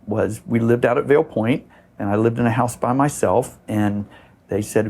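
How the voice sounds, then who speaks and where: At normal speed, with a mid-range and slightly mellow tone, a middle-aged Florida surf shop owner rambles through a lengthy story for a casual podcast. "You know" crops up again and again, and he imitates the voices of those he quotes.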